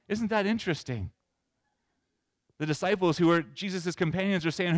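A man pastor preaching a sermon in an animated way, moving between loud emphasis and soft asides. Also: high-pitched, normal speed, pauses often, dry recording.

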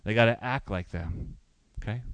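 A man's voice: on the low side, normal speed, smooth, no room sound, rough recording. A man preaching a sermon who asks the congregation questions and lifts his voice for emphasis. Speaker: pastor.

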